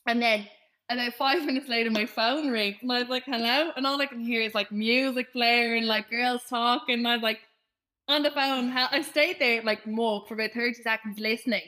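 A woman, co-hosting a podcast and telling a story in a casual, animated way with plenty of swearing. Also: on the high side, brisk. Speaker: podcast co-host.

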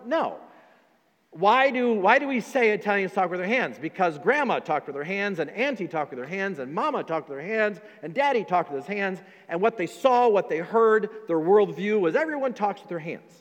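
A man's voice: fairly high pitch, big-room sound. A man preaching as pastor in a conversational sermon, with frequent fillers and restarts.

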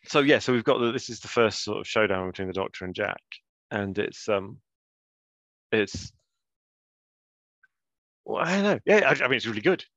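A lowish-voiced man chatting casually as a podcast co-host. He is jokey and loose, restarting his sentences as he goes. The sound is close and dry, with no room in it. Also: lively intonation, normal speed, long pauses, a bit bright, no echo, dull audio. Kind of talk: casual fan chat.

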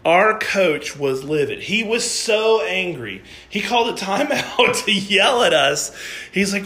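A man's voice: sits high, very animated, moderate pace, sharp tone. A middle-aged man giving an informal sermon, telling a personal story and building to emphatic points. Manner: conversational, storytelling, rising emphasis on key points. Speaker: preacher.

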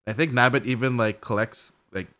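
Speaking a bit fast at a medium pitch, a man recaps an event on a casual gaming podcast he co-hosts. It's a rambling, excitable retelling heavy with "like," complete with acted-out reactions from the characters.

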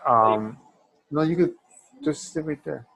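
A man's voice: on the high side, measured pace, gravelly, a bit bright, low-quality recording. A man giving laid-back banter and short reactions in casual podcast chat.

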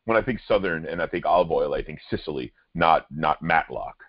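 A man with a very low, deep voice chats casually as a co-host, rambling and restarting often. The recording is dry and dead, with a slightly dull, muffled top end. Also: no echo. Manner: rambling, halting, many restarts. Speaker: podcast co-host and wine reviewer. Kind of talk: casual chat.

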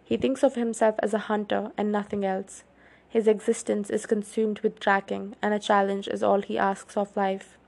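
Brooding, protective young male vampire in a storybook reading, low and even delivery, flat pitch, read by a woman. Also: moderate pace, creaky. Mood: grim.

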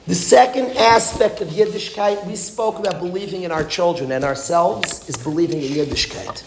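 A man's voice: high voice, normal speed, creaky, hardly any pauses. A man, a rabbi teaching a class, tells a story as a sermon with emphatic, repetitive phrasing that builds to passionate exclamations. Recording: echoey room with background noise.

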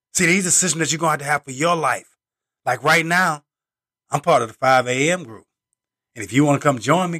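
A man delivers a motivational podcast monologue in a fairly high, bright, forceful voice. He talks in short, repeated slogans with a preacher's emphasis and swings between loud bursts and quiet asides.

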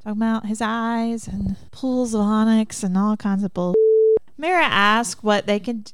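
A woman's voice: mid-range voice, a little slow, clear, resonant tone, no echo. A woman co-hosting a casual book discussion podcast, summarizing chapters, reading passages aloud and adding chatty asides. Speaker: podcast co-host.

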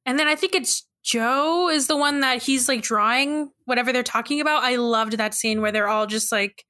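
Bright-voiced woman chatting animatedly. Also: a little high, moderate pace, few pauses, dry recording, clean studio sound. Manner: animated, laughs often, swears casually. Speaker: podcast co-host. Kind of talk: casual movie discussion.

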